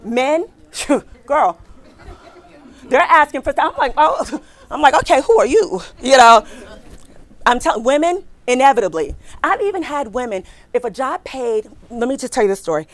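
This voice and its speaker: A middle-aged woman giving a lively workshop talk on careers to a live audience in a hall, emphatic and repeating her points, often checking in with "right?" and "okay?". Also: high voice, normal speed. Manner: acts out quotes with a bright smile in her voice.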